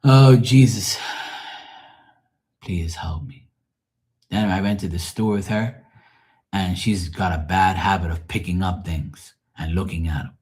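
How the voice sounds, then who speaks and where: A man's voice: deep voice, fairly even intonation, normal speed. A middle-aged man venting on a live call in a profane, rambling, exasperated way. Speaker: caller on a live tarot stream. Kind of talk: casual venting.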